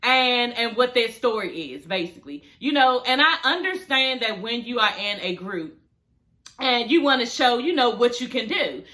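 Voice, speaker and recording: A woman with a bright, forceful voice talks through a TV episode for her vlog audience. She is sassy, blunt and quick to curse, and she speaks straight to the camera. Her voice sits a little high. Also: animated. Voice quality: sassy, blunt and profane, addressing viewers directly. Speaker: TV show reviewer. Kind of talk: casual commentary vlog.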